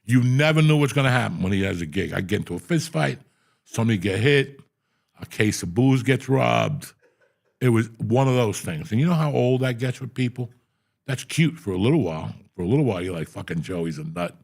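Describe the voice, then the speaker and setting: Middle-aged male storyteller with a rough, raspy voice; profane and animated. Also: medium pitch, a little fast. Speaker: podcast host. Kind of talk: casual storytelling.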